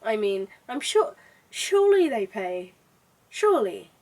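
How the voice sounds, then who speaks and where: A young woman giving a casual book review, chatty and excitable with lots of asides. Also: mid-range voice, measured pace. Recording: voice a bit far from mic.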